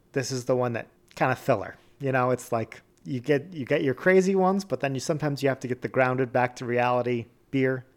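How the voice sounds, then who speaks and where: A man's voice: medium pitch, vocal fry. Rambling man reviewing a beer. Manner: rambling, self-correcting, laughs often. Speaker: podcast co-host. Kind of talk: casual beer-tasting chat.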